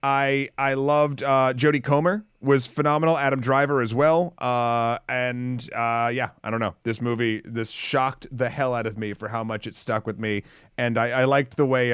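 Smooth-voiced podcast co-host, rambling film talk. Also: male voice, medium pitch, fairly bright tone, no echo, studio quality. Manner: rambling, restarts often, swears casually. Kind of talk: casual film podcast chat.

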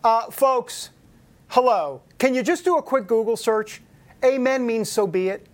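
A man's voice: very high-pitched, unhurried. A man hosting a casual talk show, joking and teasing in an incredulous tone. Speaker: host. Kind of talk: casual chat.

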